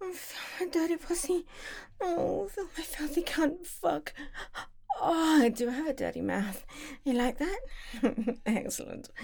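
British woman, intimate audio role-play, high voice, breathy whispers, slow delivery. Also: warm tone. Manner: breathy, moaning, often dropping to a whisper. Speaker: audio performer.

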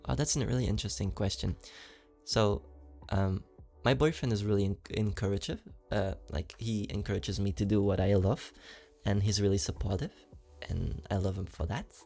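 Low gravelly guy with a slight accent, giggly casual q&a, soft music in the back. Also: moderate pace. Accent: slight foreign accent. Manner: chatty and giggly, many fillers. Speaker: ASMR creator answering fan questions.

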